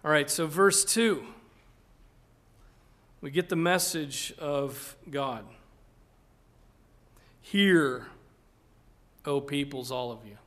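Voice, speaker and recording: A male pastor delivering an expository sermon at an unhurried, deliberate pace. His voice sits a little high for a man. He presses his points with emphasis and keeps asking "right?" to draw listeners along. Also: a bit bright. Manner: earnest and emphatic, often tags "right?", repeats words.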